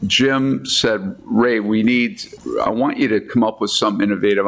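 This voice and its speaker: A man, a golf course architect, telling lively anecdotes in casual chat, acting out the people he quotes. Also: lowish voice, moderate pace, gravelly. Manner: animated anecdotes with quoted voices, frequent restarts.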